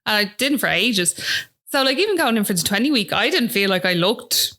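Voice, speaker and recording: A woman's voice: medium pitch, sing-song, fairly quick, bright, forceful tone. A woman with an Irish accent, a podcast guest telling a personal story in a chatty way, often asking "do you know what I mean".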